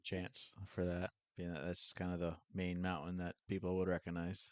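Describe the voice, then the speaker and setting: A man's voice: deep voice, completely flat delivery, normal speed, dry recording. A man hosting a casual podcast chat, laid-back, mostly giving brief replies and asking a question now and then. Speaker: podcast host.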